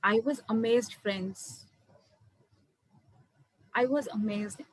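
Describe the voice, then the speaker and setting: A woman's voice: mid-range voice, slow, slight background noise, rough recording. A woman, sharing a personal spiritual testimony in an earnest way and often addressing her listeners as friends. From India. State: emotional. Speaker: meditation speaker. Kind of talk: personal testimony to an online audience.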